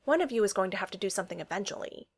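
Woman reading a steady, motherly boss. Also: medium pitch, very fast. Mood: encouraging. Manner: firm, encouraging.

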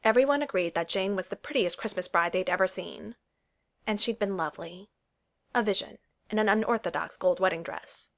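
A woman's voice: mid-range voice, fairly bright tone. Woman narrating a romance audiobook.

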